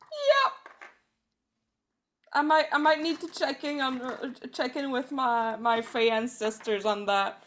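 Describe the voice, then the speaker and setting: A woman jokes around while playing a tabletop role-playing game. Her voice sits somewhat high, and she laughs easily between remarks. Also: steady tone. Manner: jokey, quick to laugh. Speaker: player. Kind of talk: casual tabletop game play.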